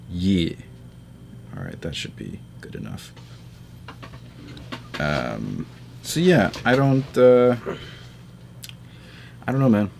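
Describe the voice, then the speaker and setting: Casting: man from New York, low voice, loose sweary host, lots of ums, faint hiss behind. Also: lively intonation, slow, gravelly, pauses often, darkish tone. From New York area. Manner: rambling, swears freely, many fillers. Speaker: podcast host. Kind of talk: casual chat over a call.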